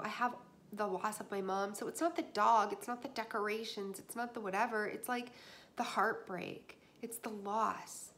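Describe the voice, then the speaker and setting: A woman giving a reflective personal monologue as a self-help vlogger, earnest and repeating phrases in slow, emphatic lists. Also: medium pitch, pushed and bright, a little hiss or hum.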